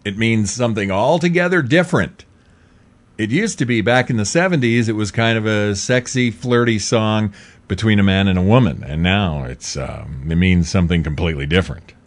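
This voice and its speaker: A middle-aged man hosting a show, delivering an opinionated commentary monologue, emphatic and repetitive, jumping from loud outbursts to low asides. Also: moderate pace. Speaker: talk show host.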